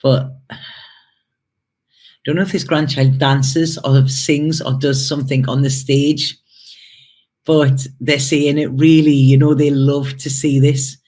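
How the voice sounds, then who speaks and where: A man's voice: a little high, little pitch movement, slow, pauses often, darkish tone. A man giving an intuitive tarot and spirit reading to camera. He talks hesitantly, repeating words and stopping for emotional asides. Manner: hesitant and repetitive, with many fillers and emotional asides. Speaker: tarot reader.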